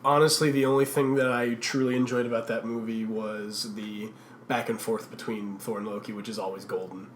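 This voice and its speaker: A man's voice: on the low side, flat delivery, brisk, slight background noise. A man co-hosting a podcast in casual chat, rambling and searching for his words. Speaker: podcast co-host. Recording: roomy echoey recording.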